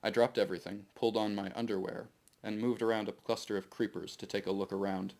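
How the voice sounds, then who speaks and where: A man reading his own novel aloud to a live audience in steady first-person narration. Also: fairly low pitch, quick pace, gravelly.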